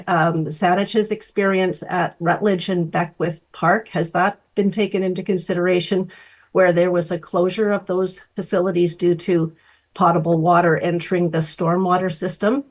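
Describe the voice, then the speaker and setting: A woman speaking as a public commenter at a council meeting, with many pauses and fillers. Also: fairly low pitch, steady tone.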